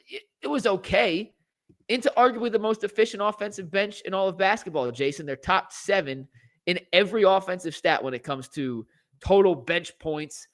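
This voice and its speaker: A man's voice: high voice, a bit bright. A man hosting a sports talk show, talking animatedly and rattling off statistics.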